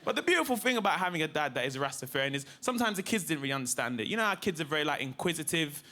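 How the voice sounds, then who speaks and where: A man doing a lively, chatty stand-up routine on a TV studio stage. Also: on the high side, rapid-fire, noisy background. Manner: lively, chatty, peppered with "you know, man". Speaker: stand-up comedian.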